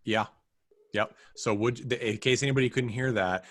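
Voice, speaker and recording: A man co-hosting a film podcast chats casually about a film, rambling, interrupting himself, and tossing in wry asides with frequent restarts. His medium-pitched voice is steady and at a normal speed, in a dry recording.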